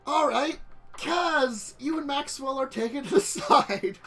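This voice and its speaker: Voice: high voice, lively intonation, a little slow, fairly bright tone, soft background music. A game master narrating a tabletop game, laughing often and rambling loosely with fillers.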